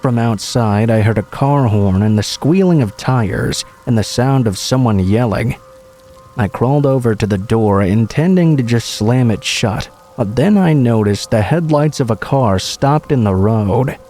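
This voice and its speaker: A man reading true horror stories aloud as scripted narration, in a steady, measured way. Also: medium pitch, faint music behind.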